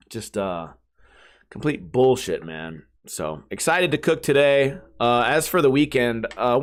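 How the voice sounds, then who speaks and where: A man in his thirties with a fairly high, slightly bright voice hosts a casual solo podcast. He rambles and jokes, swearing a lot and doing quick impressions of his friends.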